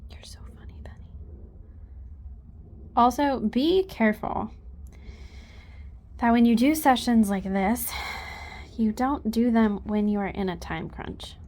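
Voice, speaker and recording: A woman's voice: a little high, unhurried, pauses often, darkish tone. A woman horse trainer giving casual instruction, chatty and coaxing as she talks to her horse.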